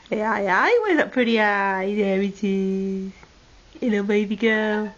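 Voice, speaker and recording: A woman's voice: medium pitch, unhurried, pauses often. A woman talks baby talk to her pet parrots at home, coaxing them and scolding them fondly. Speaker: pet owner. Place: home room with parrot cages. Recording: lo-fi 2008 home video with faint noise.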